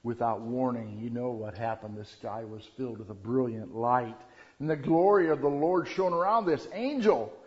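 A man's voice: mid-range voice, normal speed. Man preaching with big dynamic swings. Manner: lively, swings from quiet reverence to loud animated storytelling. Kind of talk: Christmas sermon. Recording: dull lo-fi sound.

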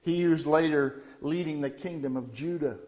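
A man preaching a Christmas sermon, shifting from quiet reverence to loud, animated storytelling. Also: a little high, normal speed. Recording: dull lo-fi sound.

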